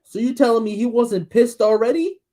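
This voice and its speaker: A man co-hosting a podcast, chatting casually about movies, excitable, swearing a lot and acting out scenes. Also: extremely high pitch, brisk. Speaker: podcast co-host.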